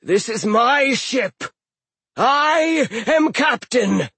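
A man voicing an ancient, stubborn male giant ship captain in an audiobook, booming and shouting his lines. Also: expressive, extremely slow, creaky, slightly rough, dry recording, full character voice. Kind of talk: audiobook character voice.

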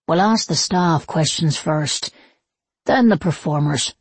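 A wry, mocking man, as a woman reads him out in a storybook, drawling slow and knowing. The voice is low and a little husky. It sits close and dry, with no room around it. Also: no room sound, exaggerated voice.

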